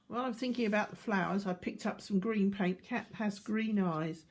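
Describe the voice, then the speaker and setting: An older woman gives a calm, explanatory watercolour demonstration, talking through each step as she paints. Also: mid-range voice, moderate pace. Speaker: art teacher.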